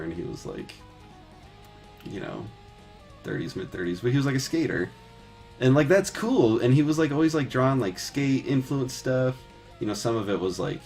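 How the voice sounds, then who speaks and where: A man in his thirties streams his painting work, chatting loosely as he goes. His voice sits a bit low, and he rambles through stories with plenty of filler words, the odd curse and easy laughter. Soft guitar music plays faintly behind him. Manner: rambling, filler-heavy, swears and laughs easily. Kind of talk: casual chat while painting live.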